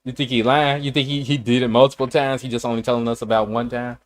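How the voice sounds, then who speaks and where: A man's voice: mid-range voice, little pitch movement, fast. Male streamer from Chicago, casual, profane, blunt storyteller. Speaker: livestreamer. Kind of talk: casual livestream chat.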